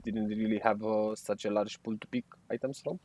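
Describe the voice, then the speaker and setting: A man's voice: lowish voice, steady tone, normal speed, over music. Hesitant, curious man on game voice chat. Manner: curious, hesitant, many restarts. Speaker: game group member. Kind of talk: casual voice chat during an online game.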